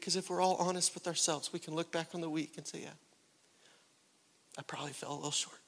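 A man preaching a sermon to his congregation. He asks them questions and swings from loud, rising peaks down to hushed whispers. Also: a little high, steady tone, fast, vocal fry, pauses often. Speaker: pastor.

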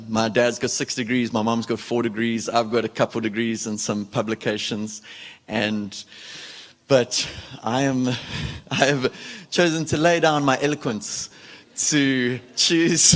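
A man preaching a lively sermon in a church, breaking into loud laughter and shouts as he urges the congregation on. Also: mid-range voice. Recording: echoey church hall.

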